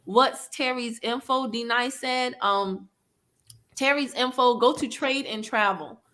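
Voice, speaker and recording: A woman hosting a casual livestream chat, animated and laughing, reading viewer comments aloud. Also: fairly high pitch, measured pace. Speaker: livestream host.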